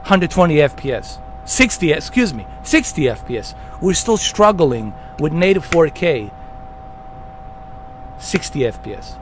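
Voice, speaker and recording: A man's voice: fairly high pitch, a bit bright, a little hiss or hum. A man hosting a gaming channel, delivering a heated, profanity-filled rant with emphatic repetition.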